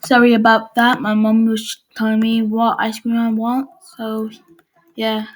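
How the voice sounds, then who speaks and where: A woman's voice: a little high, completely flat delivery, unhurried, slight background noise. A woman giving casual gameplay commentary, chatting to herself while she builds. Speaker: gameplay video maker.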